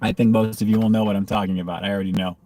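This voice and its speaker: A man's voice: fairly low pitch, little pitch movement, rapid-fire, mellow, a little hiss or hum. A man hosting a casual food review livestream, reading chat comments and often breaking into hard laughter.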